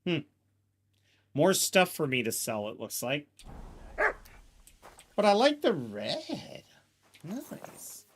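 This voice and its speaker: A man gives casual gameplay commentary, joking and chatting to himself as he plays. He talks at an unhurried pace. His pitch moves around a lot as he reacts. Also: huge pitch swings, a little hiss or hum. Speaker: gameplay streamer.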